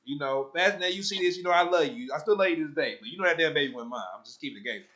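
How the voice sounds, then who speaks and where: A man with a high, lively voice hosts a casual podcast. His tone is bright and forceful, and he talks in a slangy, profane, storytelling way with frequent asides to his co-hosts. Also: racing. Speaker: podcast host.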